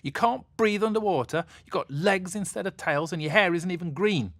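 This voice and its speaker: A man's voice: wildly swooping pitch, moderate pace, gravelly, breathy edge, no echo, heavily acted. A man voicing a lonely young mermaid girl in a storybook reading, scornful and whiny. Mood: furious. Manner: scornful, whiny, high and loud.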